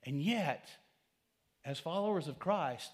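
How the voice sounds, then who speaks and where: A middle-aged pastor delivers a sermon in a church. His preaching stays casual and down-home, with steady rhetorical questions to the congregation. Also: a little high, slow. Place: church sanctuary.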